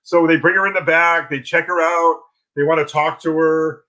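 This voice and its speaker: A man's voice: fairly high pitch, normal speed, rough recording. Chatty man on a video call. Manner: animated storytelling with restarts. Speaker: guest, philosophy teacher. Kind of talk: casual interview talk.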